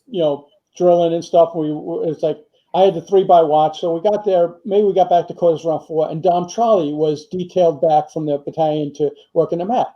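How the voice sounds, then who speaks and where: A man's voice: fairly high pitch, fairly even intonation, brisk. An older man, a retired firefighter, telling long anecdotes in a casual interview, full of fillers and quoted dialogue. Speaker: retired firefighter and author, guest. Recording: muffled lo-fi audio.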